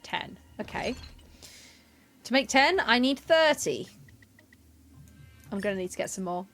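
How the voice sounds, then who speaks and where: A woman's voice: on the high side, animated, a little slow, a bit bright, soft background music. A woman from England chatting casually on a live gaming stream, rambling and often interrupting herself.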